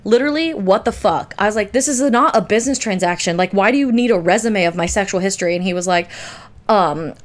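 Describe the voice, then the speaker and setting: A woman's voice: medium pitch, fast. A young woman chats casually on a podcast. She tells stories bluntly and swears freely, and she laughs often as she talks. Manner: blunt, profane storytelling with frequent laughs. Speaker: podcast co-host. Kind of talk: casual chat. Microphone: phone.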